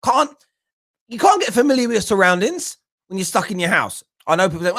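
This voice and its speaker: A man's voice: high-pitched, very animated, fast talker, a bit bright. Fired-up young man ranting. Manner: ranting, fired-up and blunt, slangy. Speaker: host of a football fan show. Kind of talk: heated live fan talk show rant.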